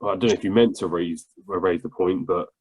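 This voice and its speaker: A man's voice: sits low, fairly even intonation, a little fast, darkish tone, breathy edge, no echo, low-quality recording. A man in a casual podcast discussion, making his points firmly and emphatically with stammered restarts. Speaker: podcast guest.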